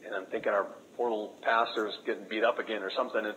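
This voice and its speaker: A man speaking as a missionary, telling a story to an audience in an earnest way, with lots of halting restarts. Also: fairly low pitch, steady tone, a bit bright, highs cut off, a little hiss or hum. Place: room with a live audience.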